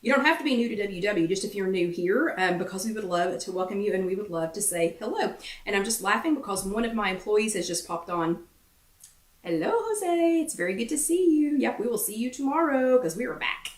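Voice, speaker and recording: A woman's voice: medium pitch, animated, brisk. A middle-aged woman chats casually on a live stream, greeting viewers by name in between her own stories. Her voice sits in a middle register. She speaks from some distance off the mic, in a room with an echo. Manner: chatty, greets viewers by name mid-sentence. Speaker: host of a live weekly wellness chat. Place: at home.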